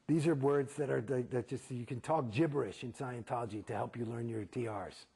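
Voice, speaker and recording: A man's voice: mid-range voice, steady tone, brisk, a little mellow. A man telling his story in an interview, blunt and profane, rambling through false starts. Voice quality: gravelly, husky voice.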